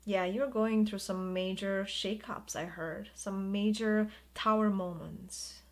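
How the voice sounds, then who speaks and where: Soft-spoken woman reading tarot. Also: mid-range voice, fairly even intonation. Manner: soft, slow and soothing, drawn-out reassurances. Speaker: tarot reader.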